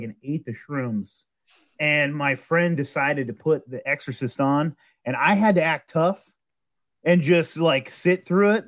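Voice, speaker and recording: A young adult man telling a spooky story in casual chat, animated and full of fillers and laughs. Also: on the high side. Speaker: podcast host.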